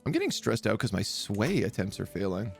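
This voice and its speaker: Gravelly low-voiced male game streamer. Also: big pitch swings, fairly quick, faint music behind. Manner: thinking aloud, casual and chatty. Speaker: streamer playing a strategy game. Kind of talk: live gameplay commentary.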